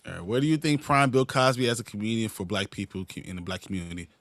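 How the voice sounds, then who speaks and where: A man's voice: on the low side, quick pace, a bit bright, a little hiss or hum. A man co-hosting a livestream in a loose, joking casual chat, reading viewer comments aloud. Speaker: livestream co-host.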